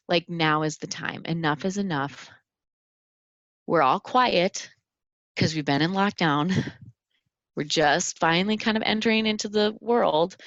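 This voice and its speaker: A woman in her thirties hosts a solo podcast in a low, grounded voice. She talks earnestly and haltingly, restarting her sentences often. The sound is dry and a little dull. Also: fairly bright tone, dry recording. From Minnesota. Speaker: podcast host. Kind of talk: reflective solo podcast talk.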